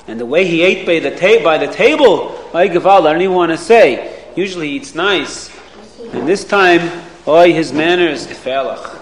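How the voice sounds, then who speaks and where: An animated man tells children a story with a sing-song lilt and plenty of questions to them. His voice is fairly high, and the room echoes with a faint hiss underneath. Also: moderate pace. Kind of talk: telling a moral story to children.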